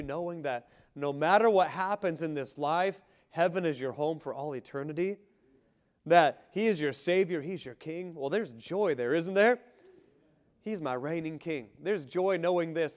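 A male pastor preaching with fervor, his voice sitting a little high for a man. He swings from ringing exclamations to hushed, drawn-out lines and keeps calling on the congregation for an amen. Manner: fervent preaching, rising shouts and quiet drops, asks congregation for amen. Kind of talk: sermon.

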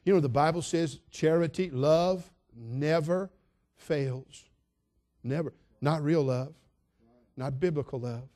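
A male pastor delivering an emphatic, repetitive sermon, dropping soft and then building loud. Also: a little high, slow pace.

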